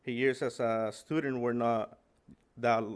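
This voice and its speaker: Halting male public commenter, repeats and corrects himself, average pitch. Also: flat delivery, smooth. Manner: halting, many restarts and self-corrections. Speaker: public commenter supporting his wife. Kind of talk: public comment at a board meeting.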